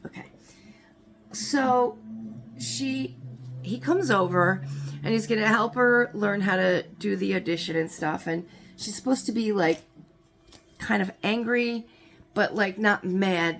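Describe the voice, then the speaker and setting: A woman's voice: mid-range voice, measured pace, a bit bright. Woman, casual movie explainer, mid-height voice, filler-heavy rambling delivery, faint hiss. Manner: rambling, heavy with "like" and "you know"; breaks off for small asides. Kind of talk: casual plot retelling.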